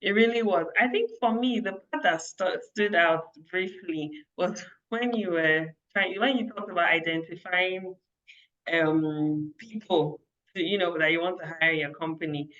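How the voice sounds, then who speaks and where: A woman's voice: on the low side, a little slow, a bit bright. A woman moderating an online event over a video call, thanking the speaker and reading out questions with many fillers. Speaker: host. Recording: dull lo-fi call audio.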